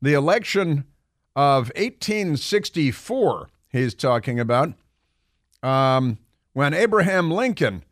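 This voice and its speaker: A man's voice: fairly high pitch, very animated, takes it slowly, no echo. Sarcastic male talk radio host, dry sound. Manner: sarcastic, mocking, restarts mid-sentence.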